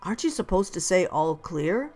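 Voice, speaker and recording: A woman's voice: on the low side, big pitch swings, normal speed, a little mellow. A woman narrator voicing a worried male school maintenance man who fires off anxious questions, in an audiobook. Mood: puzzled.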